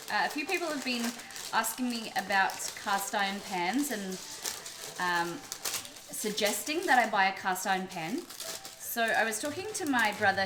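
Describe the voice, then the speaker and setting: An Australian woman from Melbourne hosting a live cooking stream, chatting casually with viewers as she cooks. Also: mid-range voice. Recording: roomy echo with music behind.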